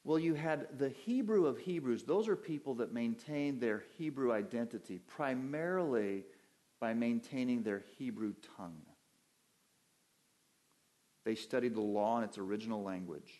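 A man's voice: medium pitch, animated, normal speed, warm tone. A man preaching an evening Bible-teaching sermon from a church pulpit, in a conversational teaching manner, putting questions to his listeners and answering them.

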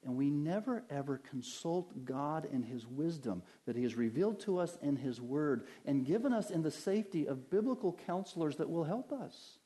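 A man delivers a sermon in a warm, relaxed tone, his voice sitting a bit higher than most. He moves from scripture to everyday stories, asking his listeners one rhetorical question after another. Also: moderate pace, few pauses. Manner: conversational preaching with lively anecdotes and rhetorical questions. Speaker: pastor.

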